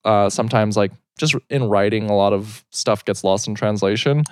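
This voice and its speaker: Animated man, podcast co-host. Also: fairly low pitch, moderate pace, dry recording, studio quality. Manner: animated, laughs often, lots of "like". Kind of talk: casual chat.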